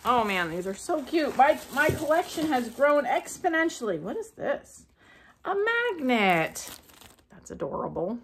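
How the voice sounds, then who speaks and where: A woman's voice: high voice, big pitch swings, normal speed, few pauses, a little hiss or hum. Gushing woman thrift vlogger. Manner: gushing, exclaims over each item. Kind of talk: casual haul vlog.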